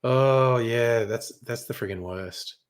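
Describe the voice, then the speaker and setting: A man's voice: medium pitch, slow pace. Sardonic man, casual chat. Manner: crude, sardonic and offhand, swears freely. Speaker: streamer. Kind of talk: casual chat reading headlines.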